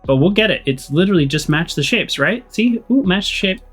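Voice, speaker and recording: Casting: chatty gaming host, man, animated pitch, game music faint behind. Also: fairly quick. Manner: chatty, laughs often. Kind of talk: casual let's-play commentary.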